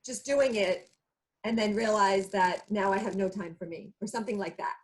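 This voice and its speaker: Speaking at a normal pace with a mid-range voice, this thirty-something co-host tells a personal story on a laid-back talk show, voicing the quotes herself like a chatty storyteller. The recording is low quality.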